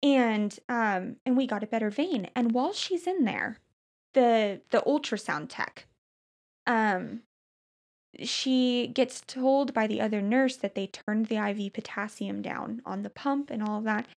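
A woman's voice: on the high side, vocal fry. Chatty woman telling a hospital story. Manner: animated storytelling, frequent fillers and restarts, quick laughs. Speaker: storyteller recounting a hospital stay. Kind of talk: casual chat.

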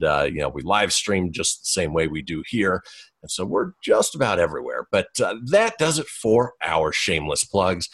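Low husky-voiced male podcast host. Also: a bit bright. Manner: laughs often, stumbles over names while reading. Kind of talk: casual podcast chat and news reading.

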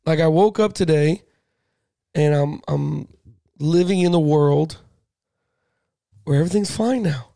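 A man co-hosting a casual sports podcast, animated, swearing freely and tripping over his words. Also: on the high side, measured pace, gravelly, long pauses, dry recording, studio quality. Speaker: podcast co-host.

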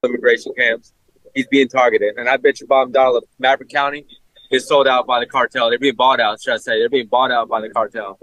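A man's voice: mid-range voice, flat delivery, brisk, fairly bright tone, no room sound, low-quality recording. A man interviewed on the street by a stream reporter, speaking insistently.

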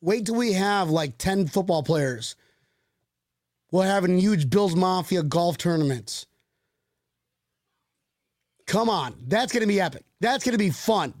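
Man, high voice, jokey co-host, dry close sound. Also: no echo. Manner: jokey, animated, puts on silly accents. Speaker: podcast co-host. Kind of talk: casual chat.

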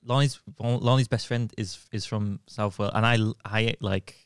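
A man's voice: fairly low pitch, fairly even intonation, moderate pace, clear, resonant tone, no echo, clean studio sound. A man co-hosting a podcast in casual chat, rambling and interrupting himself. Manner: rambling, self-interrupting, giggly. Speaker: podcast co-host. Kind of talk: casual chat, doing accent impressions.

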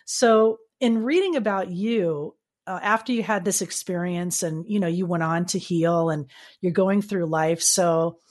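A woman's voice: fairly low pitch, measured pace, darkish tone. A woman interviewing an author, engaged and asking long flowing questions. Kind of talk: conversational interview.

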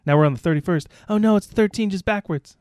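A man's voice: high-pitched, fast talker, a little mellow, no echo, studio quality. A man from the United States co-hosting a podcast in casual chat, joking and teasing himself, with many ums and restarts. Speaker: podcast co-host.

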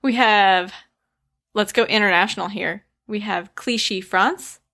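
A woman co-hosting a casual podcast, chatty and quick to laugh as she reads out listener shout-outs. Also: medium pitch. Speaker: podcast co-host.

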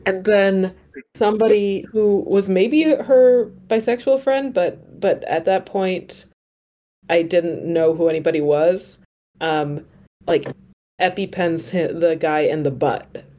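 Chatty low-voiced woman podcaster. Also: slow, mellow. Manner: chatty, amused, asks questions. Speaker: podcast host. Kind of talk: casual chat.

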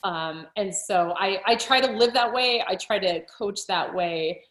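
A woman's voice: medium pitch, a little slow, a bit bright. A woman cycling coach and author talking casually in an interview, chatty, with frequent laughs, fillers and restarts. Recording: roomy echo.

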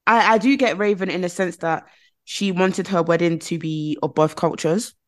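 A woman's voice: lowish voice, normal speed. A woman, co-hosting a podcast in casual chat, blunt and opinionated, often restarting her phrases as she talks. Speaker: podcast co-host.

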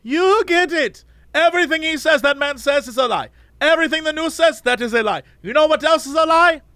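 A man's voice: very high-pitched, fairly quick, bright, forceful tone, no room sound, clean studio sound, pitched above the performer's own voice, exaggerated voice. A man putting on the voice of an insistent male cab driver who lectures about conspiracies. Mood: lecturing.

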